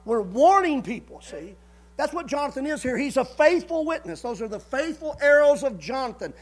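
A man's voice: very high-pitched, big pitch swings, normal speed. A man preaching a sermon in a folksy way, repeating words and briefly acting out the people he quotes.

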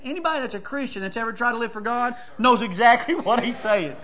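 A man preaching a sermon, telling stories in a folksy way and calling people "brother" and "man", and at times working himself up to shouts. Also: very high-pitched, fast, few pauses. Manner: excitable storytelling, rising to shouts.

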